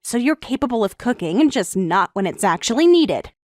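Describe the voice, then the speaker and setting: A woman's voice: on the high side, sing-song, normal speed, no echo, clean studio sound. A synthetic woman's voice reading a tired young wife who answers back firmly and pointedly. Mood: defiant. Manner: firm, pointed replies. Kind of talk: text-to-speech story reading.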